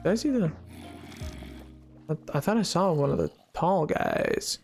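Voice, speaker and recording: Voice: mid-range voice, animated, unhurried, a little mellow, soft background music. A streamer giving playful, chatty live commentary to chat while playing a game, indoors at a desk microphone. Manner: playful, chatty, self-mocking.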